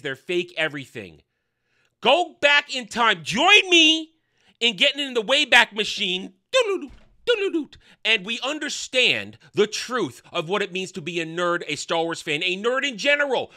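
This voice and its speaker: Male host, combative rant, high-pitched, bright and tense delivery. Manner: combative, scornful, repeating phrases for emphasis. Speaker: commentary channel host. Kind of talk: heated opinion rant.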